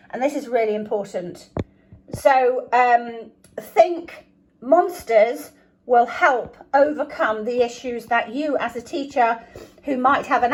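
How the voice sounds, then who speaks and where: High-voiced woman teaching phonics. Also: low-quality recording. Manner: sounds out phonemes slowly and deliberately. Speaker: phonics educator. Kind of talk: explanatory teaching talk.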